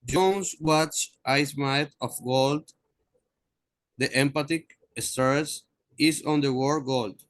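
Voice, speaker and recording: A male student, reading aloud haltingly in an online English class and repeating the teacher's corrections. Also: mid-range voice, no room sound. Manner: halting, stumbles over words and repeats corrections. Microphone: video call.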